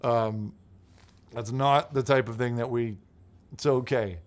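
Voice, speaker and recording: A man hosts a comedic call-in show and reads faxes aloud. His voice sits at a middle pitch. He stumbles and restarts his sentences often, as if caught off guard. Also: fairly even intonation. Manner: halting, flustered, many restarts. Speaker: host.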